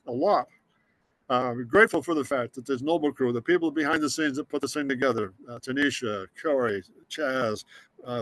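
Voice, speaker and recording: An older man from Scotland giving an emotional, earnest inspirational talk as a guest speaker, slowing down for emphasis. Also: mid-range voice, a bit bright, no room sound, rough recording. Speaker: guest speaker, automotive designer.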